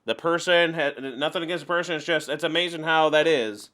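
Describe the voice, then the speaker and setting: A man with a bright, forceful voice pitched a bit high gives casual commentary over an online card game. He rants in an animated way and laughs a lot as he plays. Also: a little fast. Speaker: gameplay commentator.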